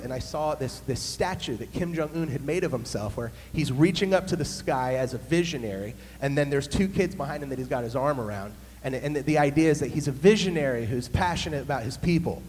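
A man, a pastor, telling a humorous story in an animated sermon. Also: on the high side, fast talker, hardly any pauses. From United States. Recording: long hall reverb, faint hum.

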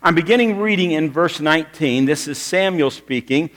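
A man's voice: on the high side, animated, moderate pace, fairly bright tone. A male pastor giving a sermon to a congregation, telling stories in a conversational way and asking them direct questions. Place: church sanctuary with a congregation. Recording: long reverb of a church hall.

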